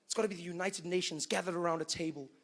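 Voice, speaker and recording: A male stand-up comedian performing a routine in an animated way, full of "you know" asides. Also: high voice, rapid-fire.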